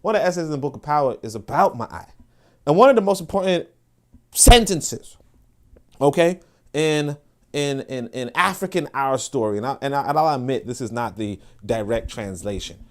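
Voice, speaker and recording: A man's voice: mid-range voice, animated, moderate pace. A man, hosting a podcast in a blunt, profane, casual monologue that often restarts and repeats words. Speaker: podcast host.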